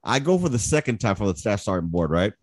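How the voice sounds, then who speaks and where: A man in his thirties, an army veteran, telling war stories in casual chat, profane, animated and boastful. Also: on the low side, quick pace, husky, no echo, studio quality.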